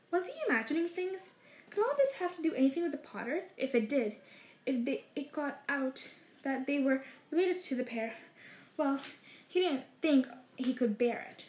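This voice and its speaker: A woman reading a story aloud in a measured way, slowing down for dramatic phrases. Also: sits high, a little mellow. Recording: roomy echo.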